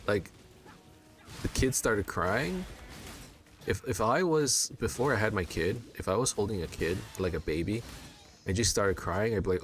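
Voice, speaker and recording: A man's voice: deep voice, a little hiss or hum. A man in his thirties from China, chatting casually and telling a rambling story with lots of fillers and restarts. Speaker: let's play gamer. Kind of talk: casual chat.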